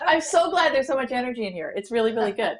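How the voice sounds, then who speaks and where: A woman running a workshop as trainer, explaining ideas to a group in an animated, conversational way. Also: fairly high pitch, quick pace, crowd noise, poor audio. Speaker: diversity trainer. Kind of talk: workshop facilitation.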